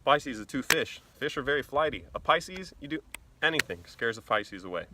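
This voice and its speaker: A man explaining things casually in a blunt, animated and profane way. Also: mid-range voice, moderate pace, noisy background. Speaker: vlogger.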